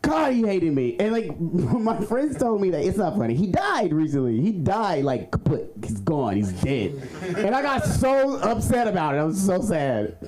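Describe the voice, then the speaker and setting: A man performing an animated, jokey stand-up set at an open mic on a club stage, laughing through his lines. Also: high voice, normal speed, few pauses. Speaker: stand-up comedian. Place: comedy club stage with live audience. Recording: noisy crowd in a club. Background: audience laughter.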